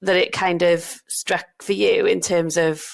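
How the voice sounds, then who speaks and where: Gravelly-voiced woman in casual podcast chat. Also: lowish voice, a little slow. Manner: animated, laughs often, trails off and restarts. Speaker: podcast co-host, doctor in GP training.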